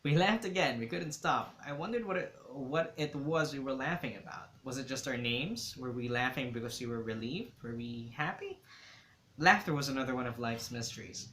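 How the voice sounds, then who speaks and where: A man's voice: medium pitch, moderate pace, fairly bright tone, slight background noise. A man reading a novel aloud, telling the story in a reflective first-person way. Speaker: reader. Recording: roomy echo.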